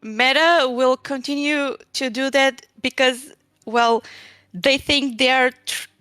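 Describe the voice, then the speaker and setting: A woman at a tabletop game describes what her character does, in a chatty way with lots of fillers. Her voice sits fairly high and she speaks slowly. The sound is dry and close, with faint music behind. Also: fairly even intonation, fairly bright tone, clear, resonant tone, no room sound. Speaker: player. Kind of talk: casual tabletop role-play.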